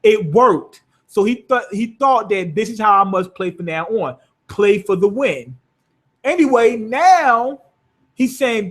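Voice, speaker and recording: A man's voice: high-pitched, slow. A man recapping an anime episode in a loose, rambling, profane way. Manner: profane, rambling, animated retelling. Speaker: anime reviewer.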